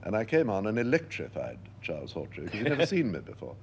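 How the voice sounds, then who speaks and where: An older man being interviewed, telling lively stories and acting out the voices he quotes. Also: fairly low pitch, quick pace, a little hiss or hum. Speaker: interviewed actor. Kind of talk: anecdotal interview talk.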